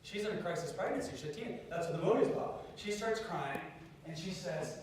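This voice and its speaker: A high-voiced man speaks to students in a big hall, his voice bouncing off hard walls and caught from a distance. He tells his stories in a near hush, then rises to loud calls to act. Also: expressive, fairly quick, slight background noise. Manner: storytelling, urges the crowd, swings from hushed to loud. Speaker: pro-life speaker. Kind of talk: campus talk to students. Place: university lecture hall. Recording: very echoey hall, far-off mic.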